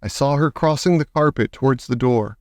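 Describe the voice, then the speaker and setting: A man's voice: mid-range voice, no room sound. Male audiobook reader, dry close sound. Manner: measured, expressive reading. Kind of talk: storybook narration.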